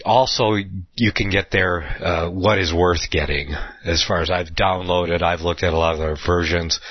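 A deep, husky man talks through a Bible study in a rambling way, full of fillers and restarts. He slows down to lean on key words. The recording is dull and lo-fi, with a dry, close sound. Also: no echo. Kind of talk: unscripted Bible study talk.

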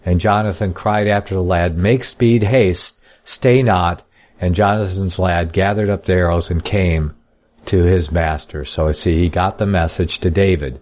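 Low-voiced male Bible teacher; reads scripture, then comments in a folksy, plainspoken way. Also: fairly even intonation, normal speed, a little mellow. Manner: reads scripture in King James style then comments casually. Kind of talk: Bible study reading and commentary.

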